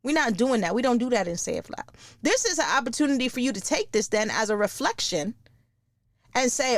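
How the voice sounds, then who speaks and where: A woman, hosting a podcast in a blunt, profane, animated casual monologue. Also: fairly high pitch, fairly quick, dry recording. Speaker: podcast host.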